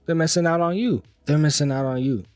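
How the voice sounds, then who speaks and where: Speaking fast in a slightly high voice with a darkish tone, a motivational vlogger gives a casual, rambling faith-based pep talk. He repeats himself, restarts sentences often, and laughs lightly. The recording is dry, with soft music in the background.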